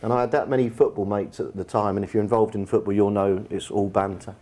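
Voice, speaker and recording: A man's voice: fairly low pitch, fairly even intonation, quick pace, darkish tone. Chatty Englishman telling football stories. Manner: chatty, anecdotal, with frequent fillers. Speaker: football manager and guest speaker. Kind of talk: storytelling in an on-stage conversation. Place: bar event room with an audience.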